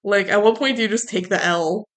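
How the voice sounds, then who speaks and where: A woman's voice: medium pitch, a little fast, fairly bright tone. A woman co-hosting a podcast, chatting casually through a movie recap, laughing and quoting characters. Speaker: podcast co-host.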